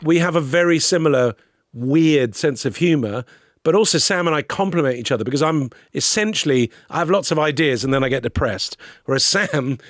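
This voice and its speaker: A brisk man, a podcast guest, spins animated, sweary stories in a raised, fairly high voice. The sound is dry and close, with no room echo, and he keeps piling on asides and quoted exchanges. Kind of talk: casual storytelling chat.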